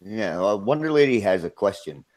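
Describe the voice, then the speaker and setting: A man from Minnesota hosts a casual live-stream chat. His voice sits a little low, and he talks in a laid-back, rambling way with frequent chuckles. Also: sing-song, moderate pace, a little mellow. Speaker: host.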